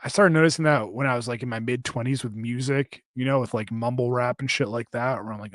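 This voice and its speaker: A man's voice: medium pitch, fairly even intonation, brisk, a bit bright, no echo, clean studio sound. A man in his thirties co-hosting a podcast, chatting casually and reading out live comments in a rambling, profane way with lots of fillers and restarts. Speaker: podcast co-host.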